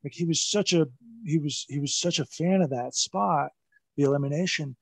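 A man's voice: on the high side, normal speed, vocal fry, husky, no room sound. A man in his forties, a former wrestler, telling stories in a casual interview. His speech is rambling and profane, and it is full of fillers.

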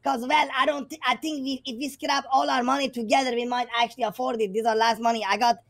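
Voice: high voice, level tone, fast, a bit bright, no room sound. A fellow player in voice chat, talking casually in broken English. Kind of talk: in-game voice chat.

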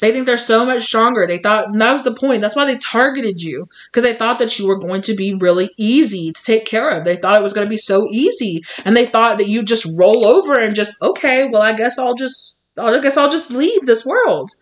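A woman's voice: fairly high pitch, fairly quick, few pauses, low-quality recording. A woman giving a casual spoken tarot reading to her viewers, rambling with many filler words and acting out quoted voices. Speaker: tarot reader.

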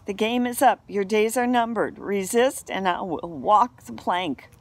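A woman reading a children's book aloud, voicing a loud, theatrical male cat who bellows his lines. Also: medium pitch, measured pace, natural voice. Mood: bellowing.

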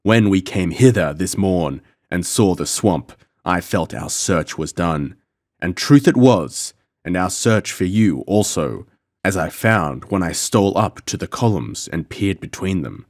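A man voicing a cold, menacing male pirate captain with a deep voice in an audiobook. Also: expressive, unhurried, darkish tone, no room sound, clean studio sound, full character voice.

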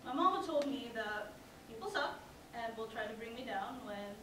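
Her voice is fairly high with lively intonation and an ordinary pace, as a young woman student jokes sarcastically at her own expense during a personal talk at a campus event. The lecture hall is very echoey, and since she's off the mic, the sound is distant and noisy.

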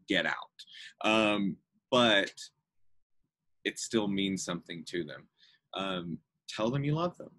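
A man's voice: deep voice, a bit bright. A man who directs a school theatre program, giving an earnest, encouraging conference talk with many fillers. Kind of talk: conference presentation.

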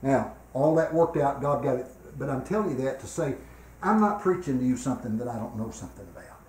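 An older man preaching a revival sermon in a church, swinging between loud, emphatic exhortation and quiet personal storytelling. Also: medium pitch, animated, quick pace, slight background noise. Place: church sanctuary. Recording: echoey church room.

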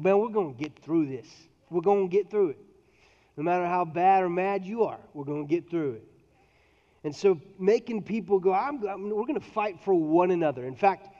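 Man, pastor giving a sermon, high voice, dull sound with long hall reverb. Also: dark tone. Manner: playful, joking storyteller. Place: church auditorium.

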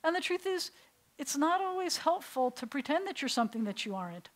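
The recording is low quality, but you can hear a high-pitched woman with big pitch swings talking fairly quickly. A middle-aged rabbi, she lectures adult learners in a beginners' Hebrew class at a synagogue classroom, questioning them and telling stories.

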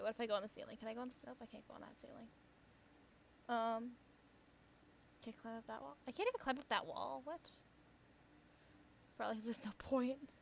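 A woman's voice: on the high side, creaky, fairly bright tone, slight background noise. A young woman thinking aloud as she plays a puzzle game, chatty, gasping and squealing at what happens on screen. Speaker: gamer. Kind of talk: casual let's play commentary.

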